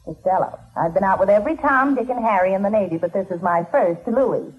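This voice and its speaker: A woman playing a sassy, sharp-tongued young woman in a 1940s radio comedy, teasing and cutting. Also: mid-range voice, fairly quick, lightly acted. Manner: sassy, teasing put-down delivery. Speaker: guest actress in a radio comedy. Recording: tinny, noisy old radio broadcast.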